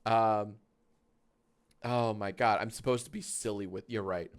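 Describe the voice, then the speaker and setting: A man in his thirties chatting casually on a live stream from a small home office, animated and swearing freely. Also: on the low side, measured pace. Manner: animated, swearing, baby talk to his dog.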